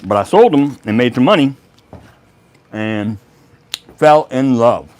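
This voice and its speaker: A man's voice: mid-range voice, lively intonation, slow pace, darkish tone, a little hiss or hum. A man hosting a woodworking channel, chatting casually to a live audience in a laid-back, rambling way. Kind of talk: casual livestream chat.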